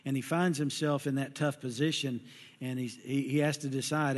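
A man's voice: mid-range voice, fairly even intonation, normal speed. A middle-aged man preaching a sermon, telling folksy personal stories and acting out the voices of the people in them. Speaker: pastor. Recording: long hall reverb.

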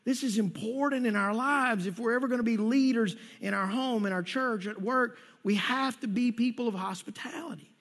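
A man's voice: very high voice, normal speed, hardly any pauses, fairly bright tone. A male pastor giving a conversational sermon to his congregation, often repeating words as he goes. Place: church sanctuary.

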